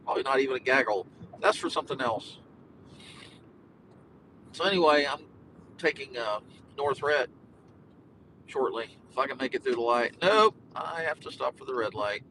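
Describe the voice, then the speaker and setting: A man's voice: normal speed, pauses often. A man livestreaming from his car, a podcast host chatting casually and rambling with jokes. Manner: jokey, meandering, sings and makes animal noises. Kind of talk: rambling casual live stream while driving. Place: car in traffic. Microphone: phone in car. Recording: faint road noise in car. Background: engine rumble.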